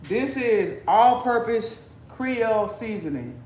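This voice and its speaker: A man's voice: high-pitched, lively intonation, slow, a little mellow. A man hosting a casual cooking livestream, talking playfully and teasing his chat while he cooks. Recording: echoey room.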